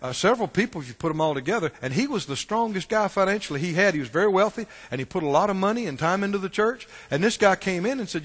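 A man preaching a sermon, folksy and animated, with chuckling asides. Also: high-pitched, fast talker, few pauses, big-room sound.

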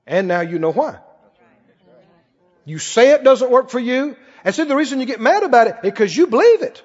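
A man's voice: very high-pitched, sing-song, normal speed, a little mellow. A male pastor preaching a sermon, emphatic, repeating phrases and quoting scripture. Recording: echoing hall, dull lo-fi sound.

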